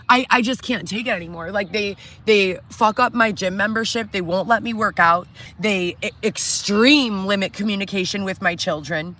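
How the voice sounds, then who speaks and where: Agitated woman ranting, bright tense voice. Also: mid-range voice, moderate pace. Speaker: reality show cast member. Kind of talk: distraught monologue to camera. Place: inside a tent.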